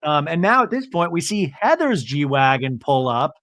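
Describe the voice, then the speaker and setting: A man hosting a podcast, telling a comedic TV recap in chatty, animated storytelling. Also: fairly high pitch, moderate pace, no echo, studio quality. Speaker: podcast host.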